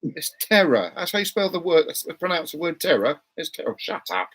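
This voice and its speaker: A man's voice: fairly high pitch, lively intonation, fast, fairly bright tone, low-quality recording. Man hosting, reading chat aloud. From Britain. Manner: playfully argumentative, reads out chat comments. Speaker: podcast host. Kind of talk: casual live podcast chat.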